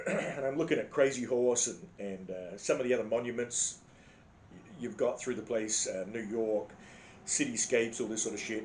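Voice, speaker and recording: A man's voice: medium pitch, darkish tone, a little hiss or hum. An Australian man telling a profane, sarcastic comic story, swearing constantly in a blunt way. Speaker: comedic storyteller. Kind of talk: profane comedic anecdote. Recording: roomy echo.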